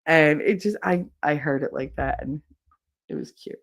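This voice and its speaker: A woman hosts a loose, laugh-filled livestream chat. Her speaking voice sits a little low. She tells animated stories and acts out what other people said. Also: moderate pace, creaky. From Hoboken, New Jersey. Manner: animated storyteller, laughs often, acts out quotes. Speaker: livestream podcast host. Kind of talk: casual chat reading viewer comments.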